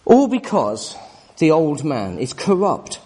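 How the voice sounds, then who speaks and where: Forties teacher, emphatic preaching, husky and high-pitched, echoing hall. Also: male voice, huge pitch swings, slow, dark tone. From United Kingdom. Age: 40s. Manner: emphatic, tag questions to listeners. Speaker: Bible teacher. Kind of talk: sermon-style Bible study. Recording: long reverb of a hall.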